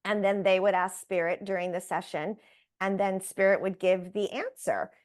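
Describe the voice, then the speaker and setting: A woman, a guest on an interview show, telling a personal story in a lively way and acting out the voices she quotes. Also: medium pitch, moderate pace. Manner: animated, acts out quoted voices.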